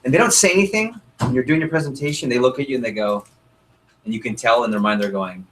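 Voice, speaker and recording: A man's voice: medium pitch, quick pace, a little hiss or hum, low-quality recording. A man leading a sales training session for a group, asking the audience questions and acting out lines to customers. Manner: animated, role-plays customer lines, asks audience questions.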